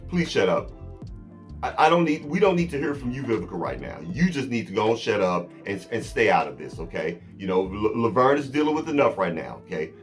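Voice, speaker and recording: A man chatting casually to camera as a celebrity gossip vlogger, talking in quick asides to his viewers and often restarting his sentences. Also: lowish voice, big pitch swings, soft background music.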